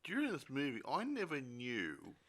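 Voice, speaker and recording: A man's voice: mid-range voice, wildly swooping pitch, moderate pace, a bit bright. A man co-hosting a film review podcast, chatting casually with jokey asides and many restarts. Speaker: podcast co-host.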